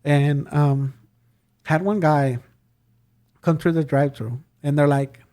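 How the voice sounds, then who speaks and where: A man's voice: a little high, slow. A young man from Mexico, a podcast guest, telling a story in casual chat and acting out the people in it. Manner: animated, acts out quoted voices.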